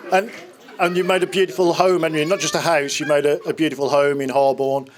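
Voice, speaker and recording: A man's voice: fairly high pitch, level tone, a little fast, slight background noise. Man in his fifties giving a fond wedding speech. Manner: fond, joking storytelling with small restarts. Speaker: wedding speaker standing in for the bride's father. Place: wedding reception hall.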